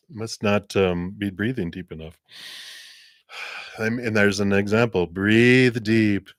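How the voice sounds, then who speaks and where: Low-voiced gentle male tarot reader. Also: dry recording, studio quality. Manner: gentle, encouraging, spiritual; casual with fillers and soft laughs. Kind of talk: live-stream tarot reading.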